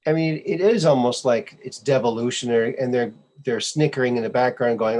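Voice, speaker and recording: A man's voice: mid-range voice, a little fast, darkish tone. A male podcast host giving casual commentary on memes, sarcastic and scoffing, often repeating his phrases.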